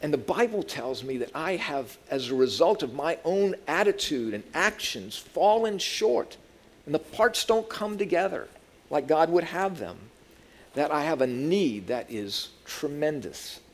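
Male Bible teacher; casual, funny storytelling sermon, fairly high-pitched. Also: big pitch swings, a little slow. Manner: humorous storytelling, asks the audience questions. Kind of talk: conversational sermon.

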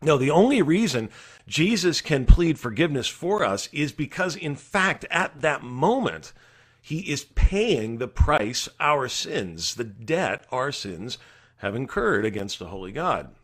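A man preaching a devotional sermon as a pastor, earnest and emphatic, rising to loud declarations and dropping to hushed, soft passages. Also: mid-range voice, big pitch swings, unhurried. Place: recorded during quarantine.

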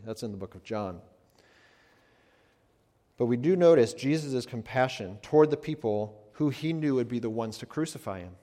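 A man, a pastor, preaching a sermon, swinging between emphatic lines and hushed ones. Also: medium pitch, animated, moderate pace. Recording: long hall reverb.

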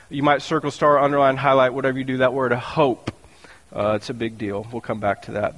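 A man's voice: mid-range voice, level tone, a little fast, fairly bright tone. A male pastor giving a sermon, retelling a scripture story with conversational, joking asides in a dropped voice.

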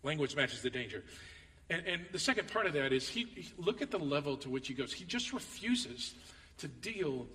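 A man preaching a sermon as pastor, reading scripture dramatically and telling stories with animated, acted-out quotes. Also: on the high side, moderate pace, long reverb tail, far from the mic.

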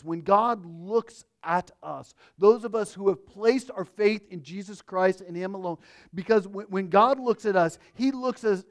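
A pastor preaching a sermon, earnest, dropping to hushed phrases and rising to emphatic ones. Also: male voice, sits high.

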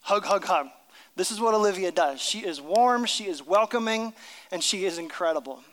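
A pastor preaching a sermon, telling a story and dropping to a hushed voice at tender moments. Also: male voice, sits high, lively intonation, brisk, big-room sound.

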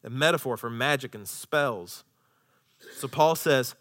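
A male pastor preaching a sermon, moving between hushed, almost whispered lines and loud, impassioned passages. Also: medium pitch, measured pace.

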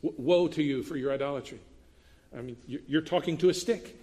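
Animated preacher in an echoing hall. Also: male voice, on the high side, brisk. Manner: animated, conversational preaching with bursts of emphasis. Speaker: pastor. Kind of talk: sermon. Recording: long reverb of a large hall.

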